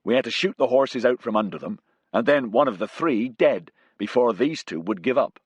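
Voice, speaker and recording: A man doing a gruff West Country corporal. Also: medium pitch, expressive, normal speed, dry recording, lo-fi sound, voice pushed up. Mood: matter-of-fact. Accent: West Country English. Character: British corporal, rough and plain-spoken.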